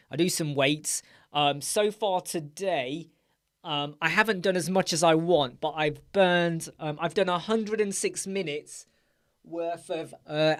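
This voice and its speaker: A man hosting a live Q&A stream, chatty, rambling and quick to get excited as he reads out and answers viewers' comments. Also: on the high side, no echo, studio quality. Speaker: host.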